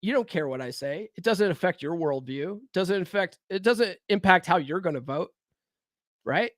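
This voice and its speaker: A man's voice: high-pitched, animated, moderate pace, dry recording, clean studio sound. A man hosting a podcast alone in a casual, blunt, profane way. He keeps asking his listeners "right?" and throws rhetorical questions at them. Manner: rhetorical, challenges listeners directly. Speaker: podcast host. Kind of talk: casual solo talk on dating and self-improvement.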